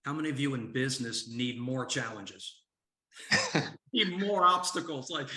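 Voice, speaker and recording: A man's voice: medium pitch, animated, normal speed, bright, forceful tone, roomy sound. An older man, a coach, telling a story and asking the audience questions in a motivational talk to a men's group.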